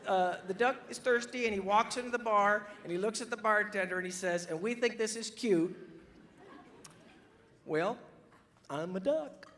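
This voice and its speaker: A man's voice: sits high, a bit bright, a little hiss or hum. A comedian doing a middle-aged mother who tells a joke, scatterbrained and digressive, constantly losing the thread and wandering off topic.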